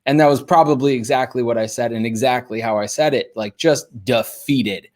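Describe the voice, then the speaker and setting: A man's voice: medium pitch, quick pace. A young man hosting a podcast, telling a story casually with many fillers. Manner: casual, animated, lots of fillers. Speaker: podcast host.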